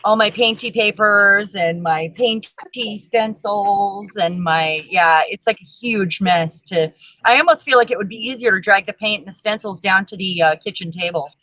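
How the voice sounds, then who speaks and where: A woman's voice: medium pitch, moderate pace, fairly bright tone, no room sound. Chatty woman on a dull call line. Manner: rambling, chatty, many fillers. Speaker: co-host of a craft video chat. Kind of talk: casual chat. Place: home, video call. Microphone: video call.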